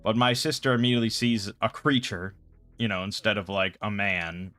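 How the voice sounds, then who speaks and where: A man's voice: on the low side, steady tone, moderate pace, bright, forceful tone, faint music behind. A man hosting a casual chat show, retelling a game session in a rambling, exasperated way. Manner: rambling, exasperated storytelling with many fillers. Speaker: podcast host.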